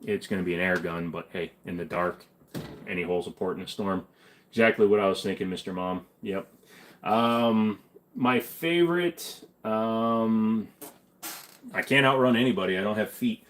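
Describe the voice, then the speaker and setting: A young man hosts a casual live stream, reading out comments and firing back bluntly, with a lot of swearing. His voice sits a little low for a man. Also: moderate pace, a little hiss or hum. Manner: blunt, profane, wisecracking.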